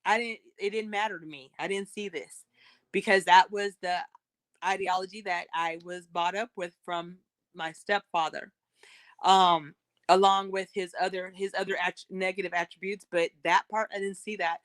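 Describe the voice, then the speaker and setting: A woman's voice: medium pitch, fairly even intonation, moderate pace, a bit bright. Earnest woman telling her own story. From California. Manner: earnest, reflective, spells things out. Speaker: podcast guest. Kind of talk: casual conversation, personal storytelling.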